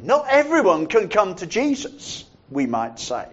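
Slow, high-voiced male preacher. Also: big pitch swings, fairly bright tone, highs cut off. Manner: measured, reflective, repeats phrases for emphasis. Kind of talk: sermon.

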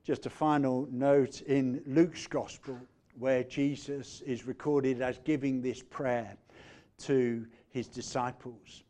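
A man preaching a sermon, measured, letting phrase endings fall quiet and growing animated when he retells a story. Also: mid-range voice. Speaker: pastor.

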